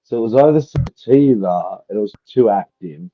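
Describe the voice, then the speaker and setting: A man's voice: fairly low pitch, animated, moderate pace, highs cut off. A man co-hosting a livestream, chatting casually, swearing a lot and telling crude jokes. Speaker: livestream co-host. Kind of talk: casual chat.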